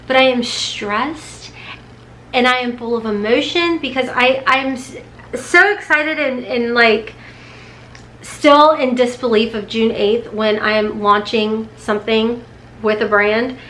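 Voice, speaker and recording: A woman vlogging an unboxing, her voice high and bright as she rambles, restarts and spills over with nervous feeling. She sounds close to tears. A faint hiss sits under her voice. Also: steady tone, takes it slowly. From Kentucky, USA. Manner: rambling, emotional, talks in bursts with restarts. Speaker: beauty vlogger. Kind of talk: casual unboxing vlog chat.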